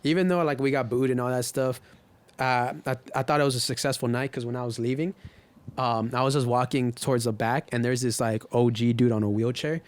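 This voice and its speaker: A man's voice: medium pitch, fairly even intonation, brisk, clean tone. A man from the Inland Empire in California, a podcast guest telling stories loosely in casual chat, full of slang and swearing.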